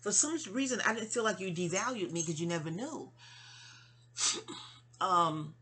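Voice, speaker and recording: A middle-aged woman talks straight to her mother in a candid, meandering personal monologue. Her voice is breathy and husky yet bright and forward. She stumbles and restarts often as she drifts from one thought to the next. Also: on the low side, a little slow. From New York. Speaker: vlogger.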